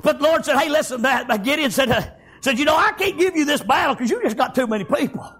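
A man preaching a fervent sermon, peppering his words with "praise God" and "amen" and often breaking into shouts. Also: extremely high pitch, lively intonation, fast.

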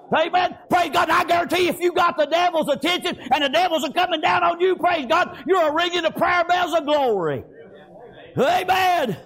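An older pastor, preaching loudly and punctuating his sermon with frequent amens. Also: very high voice, fairly quick.

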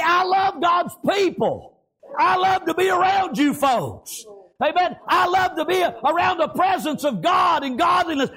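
An older pastor, preaching loudly and punctuating his sermon with frequent amens. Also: very high-pitched.

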